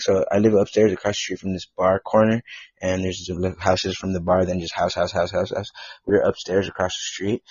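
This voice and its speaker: A man hosting a casual home podcast, talking in a husky, somewhat low voice. He rambles through his story with constant fillers and restarts. The recording is dull and lo-fi, very dry. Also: darkish tone, no room sound. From Wisconsin. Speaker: podcast host.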